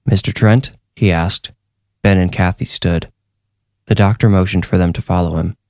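A man narrating a horror story in a measured, deliberate scripted read. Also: deep voice, fairly even intonation, a little mellow, dry recording, studio quality.

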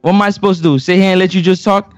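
A man's voice: high voice, steady tone, racing, over loud music. A man co-hosting a call-in show, defensive and laughing often during the banter. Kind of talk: casual banter.

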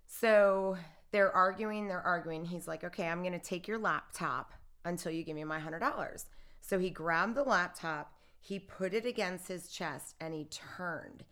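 Animated woman retelling a story. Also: fairly low pitch, moderate pace. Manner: animated retelling, acts out what others said; filler-heavy, lots of "like" and "I'm like". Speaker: interview guest. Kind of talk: personal storytelling in casual conversation.

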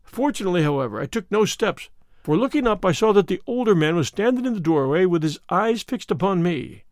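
A man reading a classic detective story aloud with measured, dramatic storytelling. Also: high voice, expressive, no echo, clean studio sound. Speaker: narrator.

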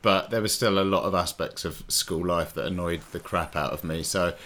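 A man's voice: deep voice, moderate pace. A man co-hosting a comedy podcast, chatting casually and animatedly. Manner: chatty, animated, loose with fillers like "like". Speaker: podcast co-host.

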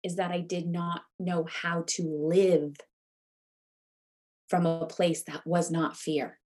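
A woman guest author telling a personal story in an interview, earnest and animated, with lots of "like" fillers. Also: fairly low pitch, takes it slowly.

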